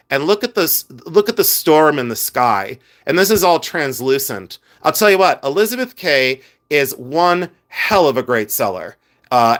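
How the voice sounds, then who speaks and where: A middle-aged man hosting a live stream, chatting to viewers and showing off jewelry in an animated, rambling way with many asides. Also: medium pitch.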